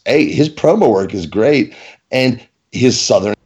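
A man in casual chat about wrestling, profane and animated, slipping into mock-indignant banter. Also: mid-range voice, a little slow, breathy edge.

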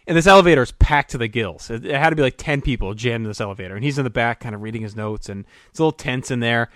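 A man co-hosting a podcast, animated as he tells a story and laughs along with it. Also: medium pitch, racing, no echo, clean studio sound. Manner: animated, laughs through his own story. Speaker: podcast co-host. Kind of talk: casual storytelling chat.

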